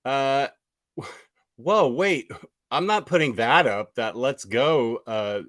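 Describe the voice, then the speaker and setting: Slow, chuckling male host. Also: medium pitch, expressive, fairly bright tone. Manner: laid-back, chuckling, halting with fillers. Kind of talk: casual chat.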